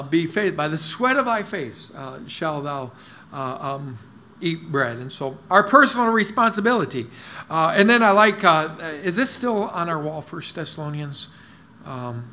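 A man's voice: fairly high pitch, bright, forceful tone, a little hiss or hum. A middle-aged male pastor giving a conversational sermon in church, with many fillers and restarts.

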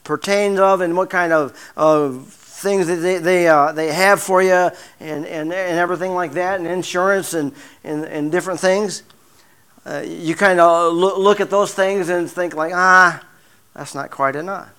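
Halting high-voiced male preacher. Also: fairly even intonation, clean tone. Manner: halting, repeats words, many fillers; drops to a hushed murmur in prayer. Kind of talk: sermon.

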